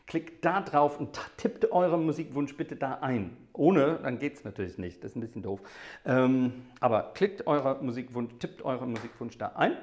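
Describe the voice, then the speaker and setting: A man's voice: mid-range voice, a little mellow. A man from the north of Scotland with a posh Scottish accent, hosting a livestream as an organist, chatting casually and correcting himself as he goes. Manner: chatty, self-correcting, switches between German and English.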